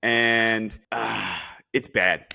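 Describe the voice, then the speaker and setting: A man hosts a podcast with a bright, forward voice. He talks in a blunt, animated way and swears freely as he recaps casually. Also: on the low side, extremely slow, gravelly. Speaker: podcast host.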